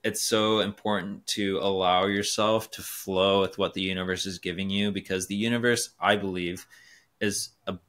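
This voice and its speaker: A man's voice: low voice, flat delivery, normal speed, fairly bright tone. A man in his twenties, a guest on a podcast, talking earnestly and philosophically with many fillers like "you know" and "like". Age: 20s. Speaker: guest, race car driver. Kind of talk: casual podcast conversation.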